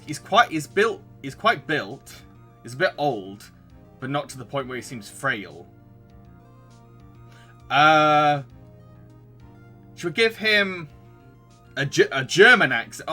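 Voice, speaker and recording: A man's voice: a little high, bright, forceful tone. A man with a Yorkshire accent chatting casually as a let's play gamer, self-deprecating and laughing often. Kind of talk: casual commentary while voicing a game.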